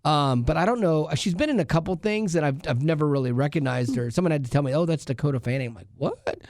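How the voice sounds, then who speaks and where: In a radio studio, a man hosts a show with casual, rambling chat full of fillers and restarts. His voice is a little high and mellow, he talks fast, and the recording is dry and studio quality.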